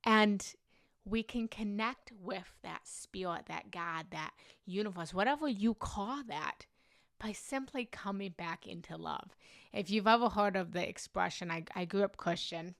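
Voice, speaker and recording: Young woman hosting a live meditation stream, super gushy, slow and unhurried, dry close sound. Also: medium pitch, creaky, a bit bright, no echo. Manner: gushing, effusive, repeats greetings. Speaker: meditation teacher hosting a livestream. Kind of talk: live-stream chat and talk.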